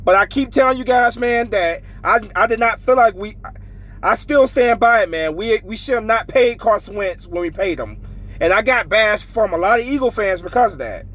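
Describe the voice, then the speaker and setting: A man's voice: sits high, lively intonation, normal speed, fairly bright tone, poor audio. A man ranting as a frustrated sports fan in a casual vlog, swearing heavily and repeating himself.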